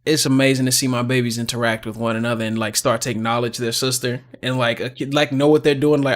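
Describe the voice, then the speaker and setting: A man co-hosting a podcast, telling stories in a slangy, animated way. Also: mid-range voice, fast, hardly any pauses. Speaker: podcast co-host. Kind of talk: casual chat.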